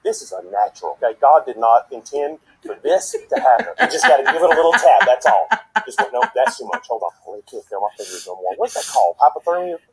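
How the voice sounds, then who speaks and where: A man with a Southern US accent performing a comedy sketch in an animated, exaggerated folksy way. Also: medium pitch, quick pace, vocal fry, slightly rough, poor audio.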